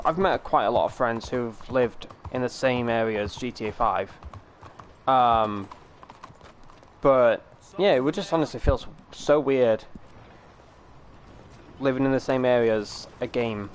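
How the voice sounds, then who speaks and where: A man's voice: medium pitch, unhurried, a little hiss or hum, low-quality recording. A British man from the UK chatting casually on a live stream, rambling, swearing and laughing easily.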